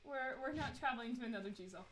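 A woman's voice: fairly high pitch, fast, fairly bright tone, a little hiss or hum, rough recording. A woman streaming a horror game live from her desk mic, chatty and giggly, talking to the characters on screen. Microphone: desk microphone.

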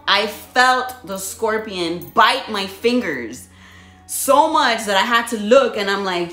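A woman talking casually on her vlog about her spiritual path, telling stories in an animated way and acting out her own reactions. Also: slow pace. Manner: animated storytelling, laughs often, acts out her own reactions in a high voice. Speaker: body contouring business owner. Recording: echoey room with faint music.

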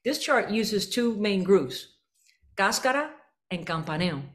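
Speaking a little slowly, this woman has a medium-pitched, expressive voice. As a jazz clinician at a band rehearsal clinic, she coaches with vivid pictures and sings out syllables and rhythmic phrases.

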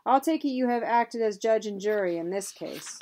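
A woman's voice: on the high side, animated, moderate pace, darkish tone, close to an everyday voice. A woman voicing a dignified butler who speaks formally and makes a persuasive courtroom-style speech. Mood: orating. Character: proper, dignified English butler turned gold seeker, eloquent.

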